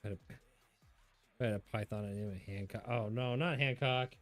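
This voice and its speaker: A man chatting casually on a stream about his pet reptiles, explaining their behavior and coaxing them in a high, playful voice. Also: normal speed, soft background music. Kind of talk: casual chat with pets on stream.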